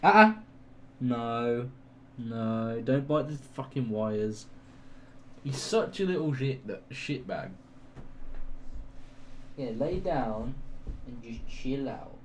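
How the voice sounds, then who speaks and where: A man's voice: medium pitch, slow, long pauses, slight background noise. A young man chatting casually on a stream at home, swearing a lot and cooing at his dog. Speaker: gaming stream co-host. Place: home room.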